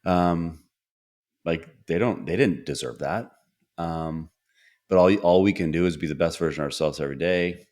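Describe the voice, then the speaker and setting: A middle-aged man with a low-pitched voice hosts a relaxed podcast conversation. He talks earnestly and slips into short acted-out lines of dialogue while telling stories about his family. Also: normal speed. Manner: earnest, storytelling, acts out quoted dialogue. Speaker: podcast host. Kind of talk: casual conversational interview.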